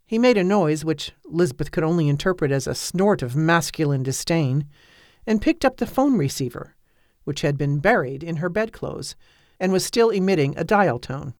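A woman narrating a novel as an audiobook in a measured, even manner. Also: low-pitched, dry recording, clean studio sound.

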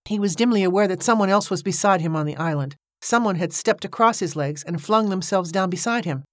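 A woman narrating an audiobook in a steady, measured storytelling manner, recorded on a close microphone. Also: on the low side, dry recording.

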